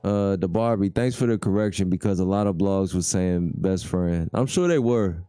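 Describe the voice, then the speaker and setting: A man with a low, warm and smooth voice hosts a relaxed livestream. He talks in a laid-back way and reads viewer comments aloud, close to the mic in a dry room. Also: moderate pace, no echo, soft background music. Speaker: livestream host. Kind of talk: casual livestream chat.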